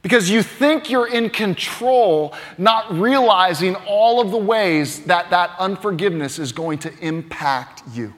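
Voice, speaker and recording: A male pastor preaching a sermon, earnest and emphatic, dropping to a hush for weight, in a church sanctuary. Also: high-pitched, expressive, unhurried, hardly any pauses, big-room sound. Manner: earnest, emphatic, swings between loud and hushed.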